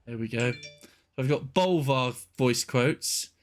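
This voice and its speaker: A male gaming streamer chatting casually on a live stream. He rambles and cuts himself off as he goes, in a voice of ordinary pitch. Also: takes it slowly, soft background music. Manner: rambling, self-interrupting chatter.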